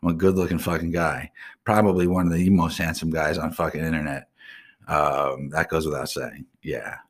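Deep-voiced man in a profane rant. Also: little pitch movement. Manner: swears constantly, blunt and ranting; casual slang, drawn-out asides. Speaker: live stream show host.

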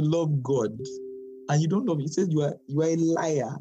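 A man's voice: on the high side, a little fast, over music, rough recording. A man teaching a Bible study in an emphatic way, often repeating phrases for stress.

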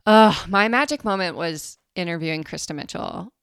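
A woman's voice: on the low side, lively intonation, normal speed, creaky, a bit bright, clean tone, no room sound, clean studio sound. A woman co-hosting a podcast as an energy healer, telling stories in casual chat with lots of filler words. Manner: chatty, filler-heavy storytelling.

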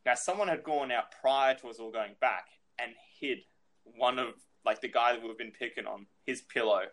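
A man's voice: mid-range voice, moderate pace, fairly bright tone. A man telling a rambling story in casual chat, swearing freely and filling with "you know".

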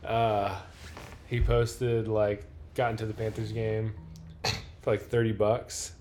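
A man's voice: on the low side, little pitch movement, slow pace, a little mellow, slight background noise. A man co-hosting a podcast, chatting casually about football in a laid-back way with short reactions. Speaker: podcast co-host. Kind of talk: casual sports chat while watching a game.

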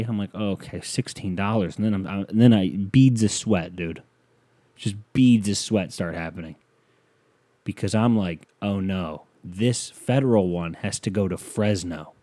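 A man's voice: fairly low pitch, moderate pace, dark tone. A young man from Northeast Ohio hosting a solo podcast, ranting with sarcastic exasperation and the odd curse. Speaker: podcast host. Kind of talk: solo comedic podcast rant.

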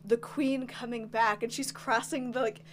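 A woman's voice: a little high, steady tone, normal speed, a little hiss or hum. Bubbly young woman podcast host. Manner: bubbly, laughs often. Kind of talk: casual film chat.

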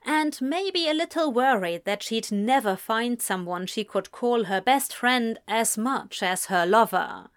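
A woman narrating a romance story in a calm, measured way. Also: medium pitch. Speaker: audiobook narrator. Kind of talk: scripted narration.

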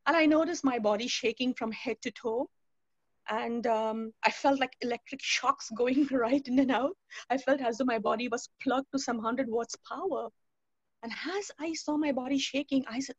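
A woman recounts her conversion story with a fairly high voice, acting out what each person said. The sound is dry and close, slightly muffled and lo-fi. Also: normal speed, no echo. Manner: storytelling, acting out quoted dialogue. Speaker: speaker giving a personal testimony. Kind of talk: spoken testimony to a youth webinar.

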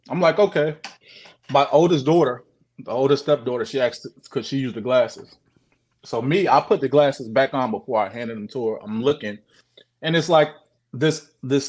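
A man telling his own odd sighting story on a call, animated, swearing often and repeating himself. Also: medium pitch. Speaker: guest sharing a sighting story. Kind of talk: casual storytelling on a video call show.

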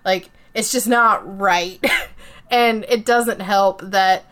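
A woman's voice: mid-range voice, steady tone, slow, fairly bright tone. A woman with a light Southern country accent, co-hosting a podcast and chatting casually about a movie with lots of fillers. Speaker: podcast co-host. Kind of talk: casual movie review chat.

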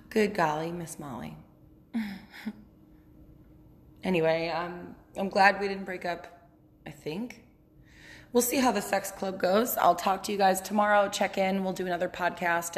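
A woman with a twang talks into her phone for a casual solo podcast. Her voice sits a little low, and she rambles candidly and profanely, often breaking into laughter. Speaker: podcast host. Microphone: phone app.

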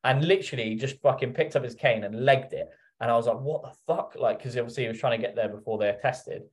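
A man's voice: medium pitch, quick pace. A man telling stories as a podcast guest in casual interview chat, swearing heavily and acting out his own past remarks.

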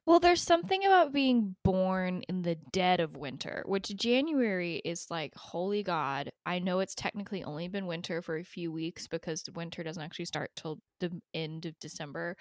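A woman's voice: on the low side, moderate pace, few pauses, dry recording, studio quality. A woman co-hosting a podcast, chatting in a casual and wry way. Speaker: podcast co-host.

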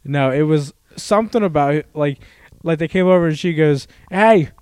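Rambling young man, slightly high voice. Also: clear, resonant tone, dry recording. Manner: rambling, halting with many "like" fillers, acts out quotes loudly. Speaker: podcast co-host. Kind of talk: casual chat, storytelling.

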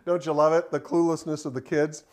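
A man's voice: a little high, level tone, fairly quick. A man leading a Bible study, reading scripture aloud and commenting in a conversational way with frequent fillers. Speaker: Bible teacher.

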